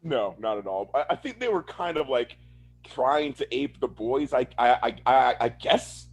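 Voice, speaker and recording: A husky, expressive man with a mid-range voice co-hosts a podcast at a moderate pace. He's from Florida, USA, and rants casually in the chat, swearing a lot and laughing often.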